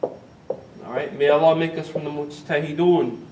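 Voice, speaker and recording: A man teaching an Arabic grammar class, asking the students questions, having them repeat words and drawing words out slowly to model them. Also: steady tone, warm tone, distant mic. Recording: echoey classroom recording with faint rumble.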